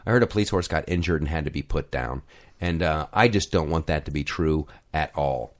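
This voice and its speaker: A man's voice: rumbling low, fairly quick. A man hosting a talk show, riffing sarcastically in casual political banter. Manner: sarcastic, mock-outraged, puts on voices.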